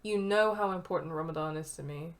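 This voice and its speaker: A woman's voice: deep voice, fairly quick, lightly acted. A woman voicing an earnest young woman running a food truck with a friend, read aloud plainly. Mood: hurt.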